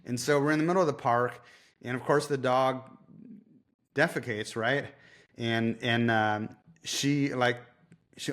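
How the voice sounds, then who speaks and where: A male podcast guest telling stories in a loose, rambling way. He swears freely and keeps restarting his sentences. His voice sits at a middle pitch. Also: a little slow, a bit bright. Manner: loose, profane, self-interrupting. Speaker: dog trainer, podcast guest. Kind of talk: casual storytelling.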